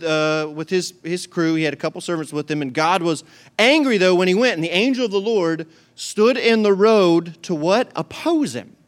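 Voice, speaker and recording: Man, middle-aged, pastor, sermon, high voice, animated storytelling. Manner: animated storytelling, acts out voices, laughs often.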